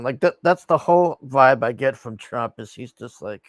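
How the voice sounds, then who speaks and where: A man's voice: mid-range voice, animated, moderate pace, hardly any pauses, dry recording. A man reacting to a video in a casual, scoffing, profane rant.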